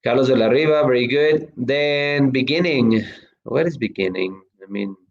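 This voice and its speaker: Reading through student chat in his online class, a chatty male English teacher speaks at a moderate pace with a medium pitch. Fillers and restarts come often, and the sound is a bit dull.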